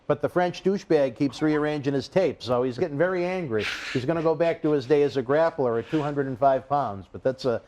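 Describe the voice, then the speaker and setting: Man, Boston accent, interview host, chatty, jokey, slightly high voice. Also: a little fast, few pauses, darkish tone, highs cut off. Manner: chatty, jokey asides, talks over the guest. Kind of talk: casual studio interview hosting. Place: studio.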